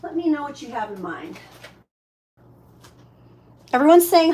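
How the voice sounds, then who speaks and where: A woman's voice: high-pitched, very animated, a little slow, long pauses. A woman hosting a casual live shopping stream. She is chatty, thanks each buyer and stops to coo at her pets.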